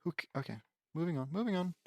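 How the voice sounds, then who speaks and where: A man's voice: high voice, animated, fast, dry recording. A man reading a fan fiction aloud in a casual way, breaking off to joke and laugh about the text. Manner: reads quoted battle cries, then breaks off with joking asides and laughs. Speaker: audiobook reader reacting to a fan fiction. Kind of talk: casual read-aloud with commentary.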